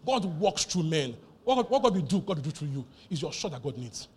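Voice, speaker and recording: Lively husky-voiced preacher. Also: male voice, fairly high pitch, a little fast. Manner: animated, emphatic preaching with heavy repetition. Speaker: pastor. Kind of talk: sermon.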